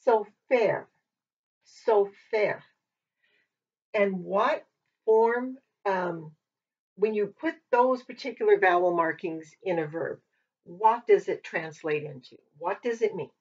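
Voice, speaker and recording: A woman's voice: mid-range voice, measured pace. A woman teaching a casual Hebrew lesson, thinking aloud and hedging as she explains words and vowel marks. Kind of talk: informal language lesson. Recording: dull lo-fi mic from a distance.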